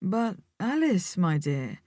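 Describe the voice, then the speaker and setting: A woman voicing a suave male gallery owner in an audiobook, speaking slowly and patiently, as if to a child. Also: medium pitch, expressive, no room sound, studio quality. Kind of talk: audiobook character voice.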